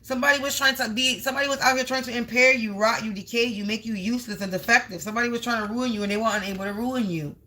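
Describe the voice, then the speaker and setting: A woman's voice: fairly high pitch, fairly even intonation, rapid-fire, few pauses, sharp tone, low-quality recording. A woman giving a live spiritual card reading to viewers. She talks emphatically, stacks up strings of synonyms and swears casually.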